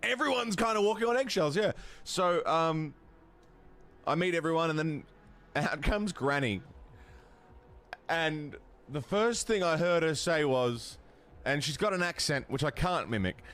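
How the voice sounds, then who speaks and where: Animated swearing streamer guy. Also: on the high side, moderate pace, pauses often. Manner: animated, swears freely, laughs at his own stories. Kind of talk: casual livestream chat. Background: background music.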